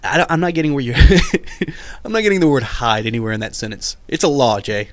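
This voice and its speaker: A man's voice: mid-range voice, a little fast, no echo. A man co-hosting a casual round-table podcast, sarcastic and laughing often as he talks. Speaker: podcast co-host.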